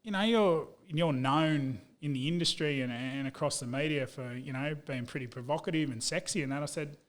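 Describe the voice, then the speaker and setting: A man's voice: a little high, brisk. A man with an Australian accent telling stories in a laid-back, blokey way, full of "mate" and "you know", as a guest on a casual podcast. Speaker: business owner.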